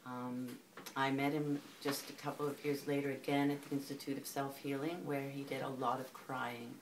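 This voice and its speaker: Very low-voiced woman, quietly reflective. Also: level tone, moderate pace. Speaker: friend speaking at a memorial. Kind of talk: reflective remembrance. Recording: distant with clear background noise.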